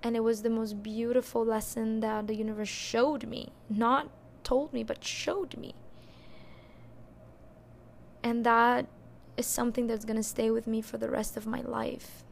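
A young adult woman hosting a podcast, candidly telling a personal story in a casual, expressive way and cursing now and then. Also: a little high, moderate pace, gravelly, hardly any pauses, a little hiss or hum. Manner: candid and expressive, swears and laughs at herself. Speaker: podcast host.

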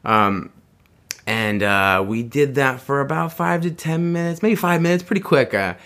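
A man with a medium-pitched, fairly bright voice speaks at a moderate pace, sounding animated. He's telling a personal story in a casual chat, rambling with lots of restarts, laughing often, and acting out voices when he quotes people.

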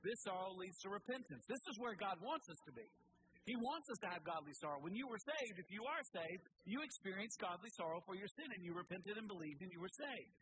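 A man's voice: high voice, expressive, quick pace, noisy background. Emphatic man preaching a sermon. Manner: emphatic preaching that swings between raised and hushed. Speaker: pastor.

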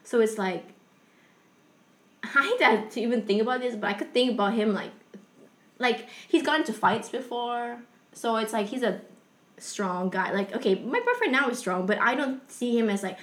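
A young woman telling a personal story in a casual, rambling way, full of fillers, with a soft confessional tone. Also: on the high side, lively intonation, normal speed, roomy sound.

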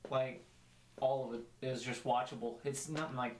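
A man's voice: mid-range voice, steady tone, normal speed, echoey room, a little hiss or hum. A man co-hosting a podcast, talking in a laid-back, loose casual chat. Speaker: podcast co-host.

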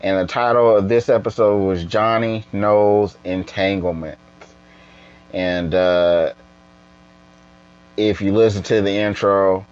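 A tired man hosting a casual solo podcast, rambling and halting with many restarts. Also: on the low side, clean tone, muffled recording. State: tired, yawning. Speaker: podcast host.

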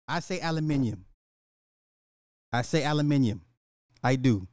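An Illinois-raised man hosts a casual, profane rant, laughing often. His pitch swoops widely and his tone is mellow and dark. The sound is dry and close. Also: expressive, moderate pace, pauses often, no room sound.

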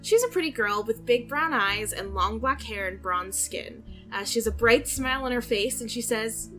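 A woman narrating a tabletop game as game master with unhurried, descriptive narration. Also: a little high, animated, a bit bright, soft background music.

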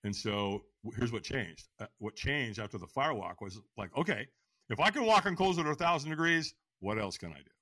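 A man telling his story as a podcast guest, lively and animated, acting out quotes and laughing often. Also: brisk, no echo. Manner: lively storyteller, acts out quotes with big pitch jumps. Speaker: guest, firewalk instructor.

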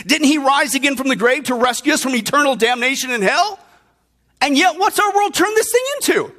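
High, bright-voiced male preacher. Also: a little fast. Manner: animated storytelling with rhetorical questions. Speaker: pastor. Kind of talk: sermon.

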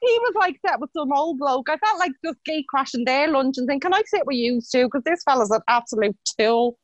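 Animated woman telling a story. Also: high voice, fairly quick, dry recording, dull audio. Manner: animated, acts out voices in her anecdotes. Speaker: podcast co-host. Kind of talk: casual storytelling chat.

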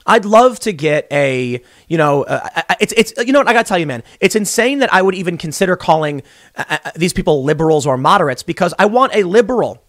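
A young man hosting a podcast, giving opinionated political commentary in a rambling, animated way with many restarts, recorded in a small closet studio. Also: high voice, quick pace, dry recording. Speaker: podcast host.

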